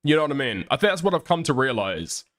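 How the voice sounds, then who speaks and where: A man's voice: medium pitch, big pitch swings, quick pace, fairly bright tone. Profane laughing man reacting to clips. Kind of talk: casual reaction commentary.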